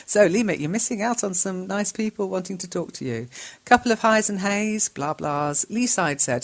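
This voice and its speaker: A low-voiced woman talks through a lesson in a relaxed, chatty way. She reads learners' posts aloud, spells out capitals and full stops, and laughs easily between corrections. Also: brisk, creaky. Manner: chatty and giggly, spells out punctuation, frequent ums. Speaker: English teacher reviewing learners' chat posts. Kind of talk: casual spoken lesson, reading out and correcting messages.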